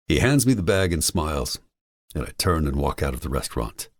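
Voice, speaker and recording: A man narrating a romance audiobook in first person, intense and expressive. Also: very deep voice, fairly quick, no echo, studio quality.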